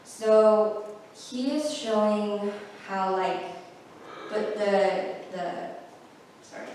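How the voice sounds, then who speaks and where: A woman's voice: medium pitch, very slow, long pauses, darkish tone, slight background noise. Young woman speaking in an echoey hall. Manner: casual, filler-heavy, self-correcting. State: short of breath. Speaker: guest speaker. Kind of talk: presentation talk. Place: large hall. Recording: echoey hall, far from the mic.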